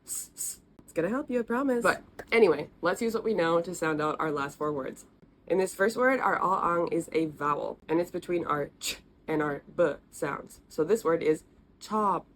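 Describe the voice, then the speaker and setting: A woman teaching the letters and sounds of an alphabet in a friendly, patient way, repeating each sound slowly. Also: on the low side, a little hiss or hum. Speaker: language teacher. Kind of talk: explaining, recorded lesson.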